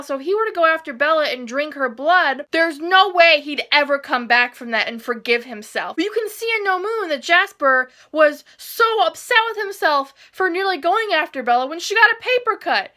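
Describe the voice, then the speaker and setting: A young woman book vlogger reacting to a novel as she reads, gushing, swearing and jumping into excited shrieks. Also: very high-pitched, normal speed, few pauses.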